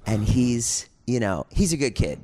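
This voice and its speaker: In a relaxed podcast chat, a male co-host spins an animated story, voicing the other people's quotes himself. His mid-range voice moves a little slowly.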